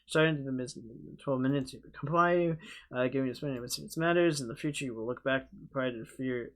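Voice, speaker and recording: A man's voice: mid-range voice, brisk, fairly bright tone. A young man hosting a gaming video, reading the game's text aloud in a loose, joking way with offhand asides. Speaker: gaming channel host.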